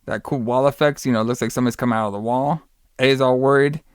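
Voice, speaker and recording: A man's voice: mid-range voice, fairly even intonation, fast talker, smooth, no room sound, studio quality. A man co-hosting a podcast, recapping a horror movie in casual, profane chat, rambling and acting out the characters' lines. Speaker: podcast co-host.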